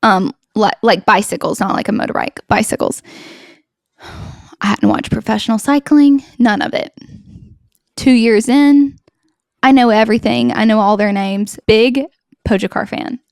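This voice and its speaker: A young woman with a slightly high voice hosts a casual podcast, chatting her way through a story. She laughs as she talks and acts out the lines of other people. The sound is close and dry. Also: normal speed, vocal fry, pauses often, no room sound. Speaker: podcast host. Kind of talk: casual story-time chat.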